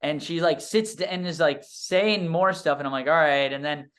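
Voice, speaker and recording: A man's voice: on the high side, normal speed, fairly bright tone. Rambling young man telling a stage story. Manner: rambling, self-deprecating, lots of fillers. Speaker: stand-up comedian and podcast guest. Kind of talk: casual storytelling chat.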